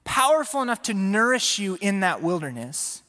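A man with a high, bright, ringing voice delivers an energetic, playful sermon and keeps turning to the congregation. His words hang in the long reverb of a large church sanctuary. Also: normal speed. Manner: energetic, playful, speaks to the audience. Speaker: pastor.

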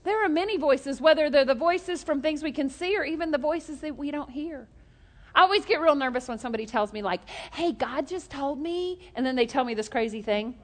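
Very high-voiced joking woman preacher. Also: brisk, in a large hall. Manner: animated, joking, call-and-response. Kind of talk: humorous sermon.

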